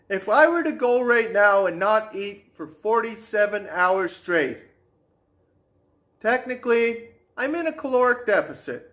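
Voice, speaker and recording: A brash man rants to camera about diet, mocking his critics. His voice sits fairly high, and he talks slowly, stretching out words to hammer each point home. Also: big pitch swings, fairly bright tone. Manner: brash, mocking, slows down for emphasis. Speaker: fitness vlogger. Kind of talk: ranting to camera.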